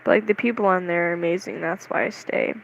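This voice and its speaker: A young vlogger chatting casually to the camera, rambling and excitable, with lots of "like"s and giggles. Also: mid-range voice, fast, vocal fry, muffled recording, slight background noise. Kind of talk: casual vlog chat.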